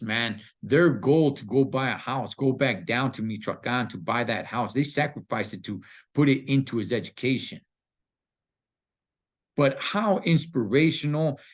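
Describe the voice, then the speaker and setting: A man's voice: mid-range voice, very animated, normal speed. Emphatic man reviewing a movie. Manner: emphatic, slangy, preachy pep talk. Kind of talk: casual video review.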